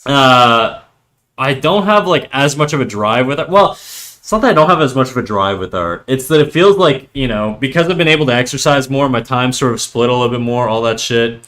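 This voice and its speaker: A young man from Canada, an artist chatting casually on a livestream while drawing, relaxed and rambling with lots of fillers and restarts. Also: mid-range voice, brisk. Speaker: streamer and artist.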